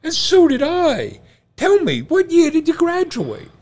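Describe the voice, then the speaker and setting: A jolly, excitable Irishman in a bar , as a man puts him on, swooping up high in a thick stage Irish brogue. His voice is gravelly and husky, and he gushes over every coincidence in a lively, bouncing tone. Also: unhurried, exaggerated voice. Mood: excited, gushing. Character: excited chatty middle-aged Irishman in a bar.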